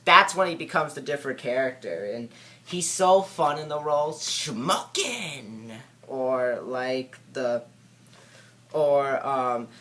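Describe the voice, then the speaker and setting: A man giving a casual spoken film review, hesitant and halting, with many filler words and restarts. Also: mid-range voice, sharp tone, slight background noise.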